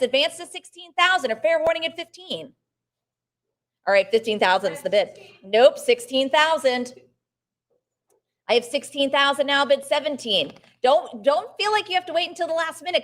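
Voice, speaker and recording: High-voiced woman calling a live auction. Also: expressive, a bit bright. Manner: brisk chanted bid calls, coaxing bidders, quick art commentary.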